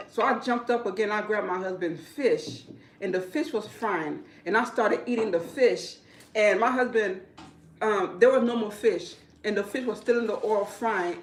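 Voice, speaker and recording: A woman who works as a hairdresser, telling a story in casual talk, animated and repetitive, often breaking into laughter. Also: mid-range voice, a little hiss or hum. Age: adult. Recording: roomy, from a distance.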